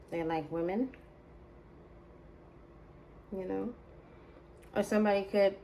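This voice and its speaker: A woman's voice: lowish voice, a little mellow, slight background noise, low-quality recording. A woman giving a casual, slangy tarot reading to her viewers, repeating phrases and drawing words out. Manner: slangy, drawn-out repetitions. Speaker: tarot reader.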